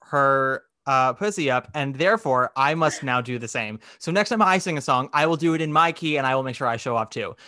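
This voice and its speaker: Animated man retelling a musical. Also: mid-range voice, a little fast, hardly any pauses, no echo, clean studio sound. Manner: animated storytelling, acting out quotes. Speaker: podcast co-host. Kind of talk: casual podcast chat.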